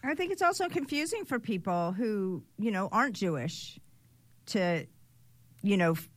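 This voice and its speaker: A woman hosts an interview and asks her questions in a measured, careful way. Her voice sits in the middle range and sounds dry and close, with no room echo. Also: medium pitch, animated. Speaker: interviewer host.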